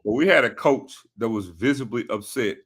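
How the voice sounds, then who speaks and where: A man with a bright, sharp tone co-hosts a casual sports talk show. He breaks in to add context and lays out his points in a measured way. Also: mid-range voice, expressive.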